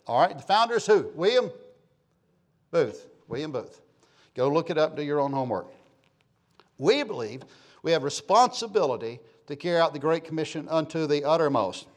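A middle-aged man preaching a sermon, emphatic and repetitive, calling out to the congregation. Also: on the high side. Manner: emphatic preacher, repeats phrases, calls for amen. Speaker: pastor.

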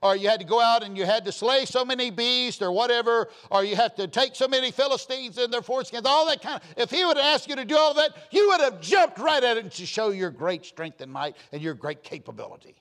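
A man with a high voice preaches a sermon from the pulpit. He repeats his phrases for emphasis and swings from quiet asides to sudden loud bursts, in a folksy manner. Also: expressive, a little fast, hardly any pauses, clear, resonant tone. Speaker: pastor.

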